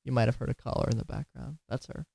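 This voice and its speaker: A man's voice: medium pitch, fairly even intonation, fast talker, vocal fry, mellow, breathy edge, no echo. A tired man hosting a casual solo podcast, rambling and giggling, slurring his words at times. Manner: giggly, rambling, self-deprecating. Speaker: podcast host.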